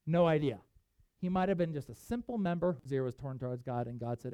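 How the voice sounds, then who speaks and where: A pastor preaching a sermon, telling a Bible story with animated delivery and reading scripture aloud. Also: mid-range voice, quick pace, no room sound, poor audio.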